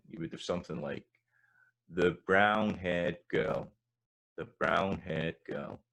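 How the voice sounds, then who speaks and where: A Scottish language teacher with a very deep, low voice teaches a lesson over slides. He explains things carefully and often pauses to say example words and sound out rhythms. The audio quality is poor.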